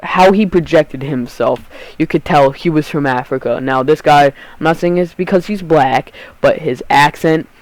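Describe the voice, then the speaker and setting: A teenage boy with a fairly high voice, telling a casual storytime vlog. He rambles and swears freely, and he keeps restarting his sentences. The sound is dry and close. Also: moderate pace, no room sound, poor audio. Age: teens. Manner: rambling, profane, self-interrupting. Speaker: YouTube storyteller.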